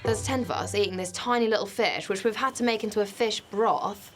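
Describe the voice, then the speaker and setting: A woman's voice: medium pitch, fairly quick, slight background noise. A woman speaking frankly and emphatically in a confessional interview. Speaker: contestant.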